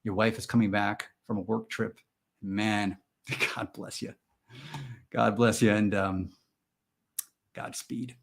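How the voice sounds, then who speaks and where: A man hosting a live stream and chatting with viewers in a goofy, rambling way, jumping from loud mock-indignant bursts to mumbled asides. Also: on the low side, flat delivery, slow pace, gravelly, long pauses. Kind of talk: joking live chat with viewers.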